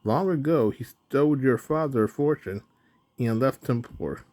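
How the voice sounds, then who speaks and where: A man's voice: mid-range voice, unhurried, darkish tone, close to an everyday voice. A man voicing an old woman in a storybook reading, cautioning a young man. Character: old woman warning a boy.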